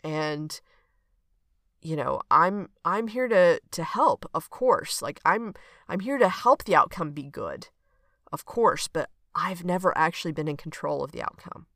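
A woman's voice: low voice, animated, unhurried, fairly bright tone, no echo, studio quality. A woman hosting a reflective solo podcast, talking in an earnest, conversational way and often checking in with "okay?". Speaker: podcast host and coach.

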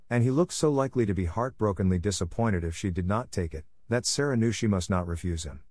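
A man narrating a classic novel as an audiobook, steady and even. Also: lowish voice, a little fast, few pauses, no room sound, clean studio sound.

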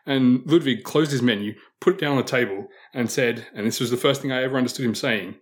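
A man's voice: mid-range voice, quick pace, hardly any pauses. A man in a casual group chat, telling an anecdote in a chatty, wry way with small chuckles. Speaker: podcast panelist.

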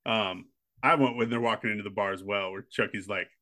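A man's voice: lowish voice, fairly even intonation, a little fast, sharp tone. A man co-hosting a podcast, chatting casually and enthusiastically about a film he loves. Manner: enthusiastic, quotes film lines at length. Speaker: podcast co-host. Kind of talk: casual chat about a movie.

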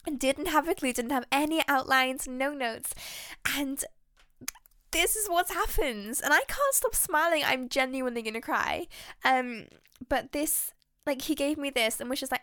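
Excitable woman with a high voice. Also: moderate pace, no echo, clean studio sound. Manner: excitable and heartfelt, rambling. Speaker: podcast host. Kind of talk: faith podcast monologue.

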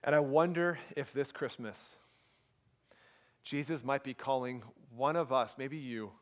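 A man in his thirties preaching a sermon as pastor, earnest and dropping to a hushed voice for emphasis. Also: mid-range voice, unhurried.

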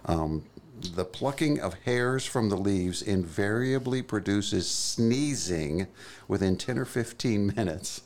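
Co-host, man, low-ish voice with a lively swing, playful and jokey in studio chat. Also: slow pace. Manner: playful, joking, reads out facts. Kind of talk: casual podcast chat.

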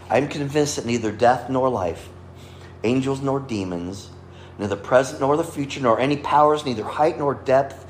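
A man's voice: mid-range voice, darkish tone, slight background noise. A man preaching a sermon, earnest, quoting scripture and lifting or dropping his voice for emphasis. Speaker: pastor. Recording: echoey room with faint ambience.

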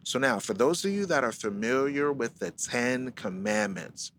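A man's voice: medium pitch, slight background noise. Man teaching scripture on a livestream. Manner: reads scripture slowly, then explains in lively slang. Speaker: Bible teacher. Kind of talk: live-streamed Bible study.

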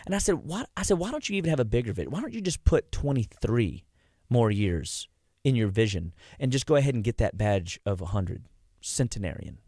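A man's voice: mid-range voice, very animated, fairly quick, dark tone, no room sound, studio quality. A middle-aged man hosting a casual radio health talk, a chatty storyteller who acts out what his patients said. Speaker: health practitioner and show host.

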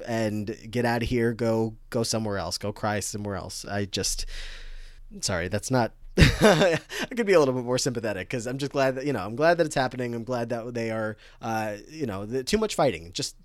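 A young man co-hosting a podcast, casually chatting and rambling through an animated recap full of fillers. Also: mid-range voice, fairly quick, dry recording, studio quality. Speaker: podcast co-host. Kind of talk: casual chat recapping a TV episode.

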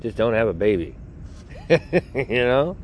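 A man's voice: mid-range voice, sing-song, slow, a little hiss or hum. A middle-aged man chatting casually to his viewers from a car, rambling, joking and swearing with self-mocking humor. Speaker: vlogger.

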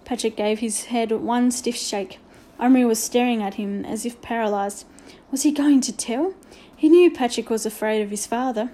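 Mellow woman reading a storybook. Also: fairly high pitch, normal speed, few pauses. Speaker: narrator. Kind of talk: storybook narration.

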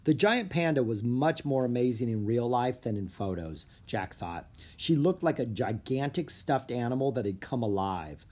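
A narrator reading a children's storybook aloud with clear, lively storytelling. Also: medium pitch, moderate pace, hardly any pauses. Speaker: audiobook narrator.

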